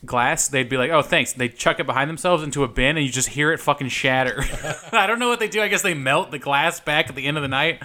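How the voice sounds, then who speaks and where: A man's voice: a little high, fast talker, pushed and bright. A man in casual banter who swears often and laughs a lot.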